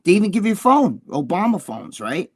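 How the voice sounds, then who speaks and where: A man's voice: sits high, big pitch swings, a little fast, breathy edge, dry recording. A man co-hosting a casual talk show, ranting bluntly and swearing a lot. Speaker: co-host.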